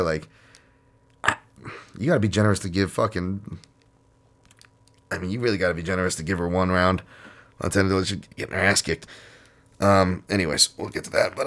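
A man's voice: low-pitched, fairly bright tone. A man hosting a podcast in casual chat, rambling and jokey with frequent swearing and fillers. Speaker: podcast host.

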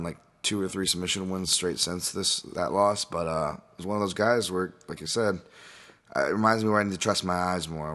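A man with a very low voice hosts a solo podcast, rambling and doubling back on himself. His throat is sore and strained, and he laughs at himself now and then. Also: fairly bright tone. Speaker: podcast host and fight analyst. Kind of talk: casual solo podcast breakdown.

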